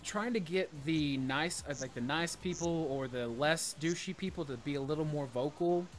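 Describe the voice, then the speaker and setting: Rambling, blunt man with a slightly high voice. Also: moderate pace, slight background noise. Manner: rambling, restarts often, blunt and profane. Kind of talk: casual chat about gaming.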